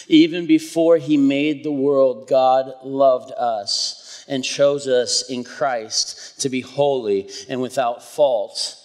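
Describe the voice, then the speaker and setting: A man filling in as preacher, praying and reading scripture in a soft, halting way with fillers and restarts. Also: mid-range voice. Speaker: pastor's son filling in as preacher. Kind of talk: church sermon with prayer and scripture reading. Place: church hall. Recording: live church recording with long hall reverb.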